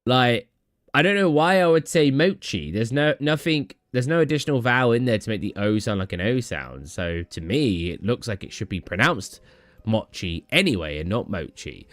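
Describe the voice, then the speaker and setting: A man's voice: medium pitch, big pitch swings, normal speed, no echo. A young British man chatting casually with viewers on a stream, rambling and acting out his own reactions. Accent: British English. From Britain. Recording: dry room with faint music behind.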